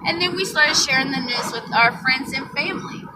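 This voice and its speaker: A young woman with a Southern US accent tells a personal story in a chatty, excitable way, her voice sitting high. She sits back from the microphone, and a steady background noise runs under her words. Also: normal speed. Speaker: vlogger. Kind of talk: casual chat to camera. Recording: distant mic with background noise.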